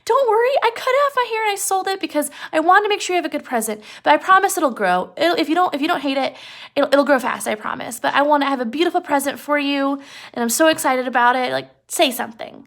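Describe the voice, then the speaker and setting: A woman voicing a nervous, eager young wife who talks fast and pleads breathlessly. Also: high-pitched, animated, fairly bright tone, pitched above the performer's own voice. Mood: pleading.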